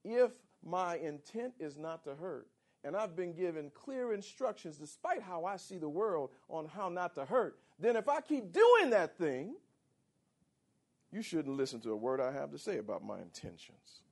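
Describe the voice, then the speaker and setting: A man preaching a sermon as pastor, animated and calling on the congregation for responses. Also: fairly high pitch, normal speed. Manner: animated, calls for audience responses.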